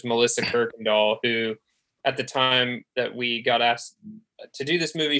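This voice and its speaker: A man's voice: medium pitch, pushed and bright. A man appearing as a sound editor guest in a casual Q&A over a video call, telling anecdotes in a chatty way.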